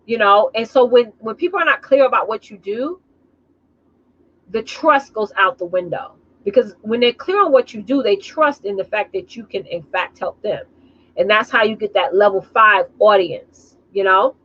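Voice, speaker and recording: A woman business coach talking casually on a live stream, telling animated stories and calling her viewers y'all. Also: mid-range voice, normal speed, highs cut off.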